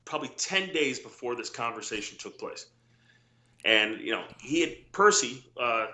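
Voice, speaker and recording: A man's voice: medium pitch, lively intonation, moderate pace, sharp tone, roomy sound. A middle-aged man, a former wrestler, telling rambling anecdotes full of quoted dialogue in a casual interview.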